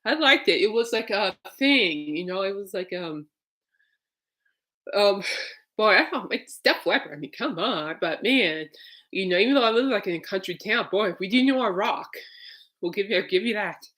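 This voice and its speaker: A woman's voice: mid-range voice, expressive, moderate pace, a bit bright. A woman hosting a podcast in casual, rambling chat, laughing often. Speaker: podcast host.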